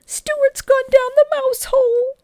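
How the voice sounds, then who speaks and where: A woman reading aloud and voicing a frantic, tearful mother with high wailing cries. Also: steady tone, slow, darkish tone, dry recording. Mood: distraught.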